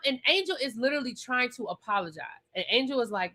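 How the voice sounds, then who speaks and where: A woman's voice: on the high side, expressive, fast, hardly any pauses, pushed and bright. A woman vlogger recapping a reality show in casual chat, emphatic and repetitive, swearing freely. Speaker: TV review vlogger.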